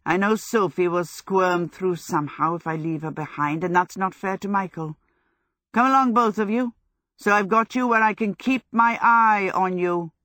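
A woman's voice: medium pitch, normal speed, fairly bright tone, no echo, studio quality, close to an everyday voice. A woman voicing a vain, theatrical young male wizard in an audiobook, speaking with dramatic exasperation. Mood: exasperated.

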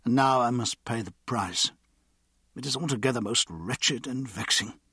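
A man voicing an anxious, embarrassed Victorian gentleman in an audiobook, with a halting, pleading manner. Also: breathy edge, dry recording, studio quality, heavily acted. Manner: halting, pleading, raised pitch.

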